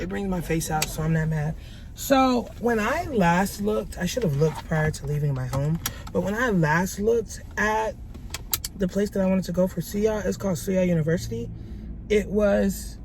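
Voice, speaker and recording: A woman's voice: on the low side, unhurried, a little mellow, a little hiss or hum. A woman vlogging in a casual, chatty way, rambling and repeating herself as she talks to her viewers. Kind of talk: casual vlog chat.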